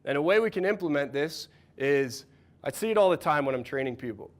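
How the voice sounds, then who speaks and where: A man, a mental performance coach, giving an energetic, encouraging workshop talk and asking the room questions. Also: fairly high pitch, brisk. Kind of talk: workshop talk to a live audience.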